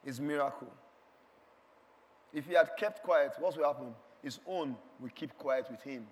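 Emphatic preacher in a reverberant hall. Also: male voice, medium pitch, normal speed. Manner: emphatic, repeats lines and shouts them. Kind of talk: sermon. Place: large church hall.

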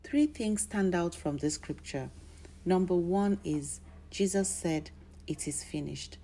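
Woman, preacher, sermon, low voice, mellow tone, emphatic declarations. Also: slow pace, slight background noise.

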